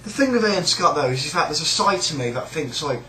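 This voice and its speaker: Bright-voiced sweary British man ranting. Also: on the high side, animated, fairly quick, echoey room, soft background music, low-quality recording. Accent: British English. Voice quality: sweary, sneering, rambling. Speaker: shop worker. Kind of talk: casual rant.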